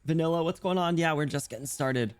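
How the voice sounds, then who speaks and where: A young British man chatting casually on a live stream, rambling and playful, often clearing his throat. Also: a little high, a little fast, dry recording. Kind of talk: casual live-stream chat while reading game dialogue.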